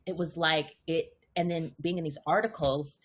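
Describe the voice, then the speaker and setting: A woman actor as a podcast guest, telling stories in a casual, animated way, often stammering and repeating words. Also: sits low, moderate pace, slightly rough. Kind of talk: casual interview chat. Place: podcast recording.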